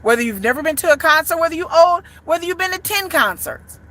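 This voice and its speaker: A woman's voice: very high-pitched, expressive, fast, pushed and bright. A woman content creator giving a blunt, profane, emphatic rant as commentary to her channel. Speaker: fan content creator for a band. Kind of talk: ranting commentary.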